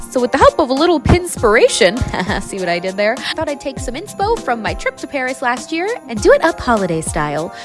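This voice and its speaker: A young woman chats through a casual vlog, gushing and excitable and quick to gasp and giggle. Her pitch swoops widely from low to high, and music plays clearly underneath. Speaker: lifestyle vlogger.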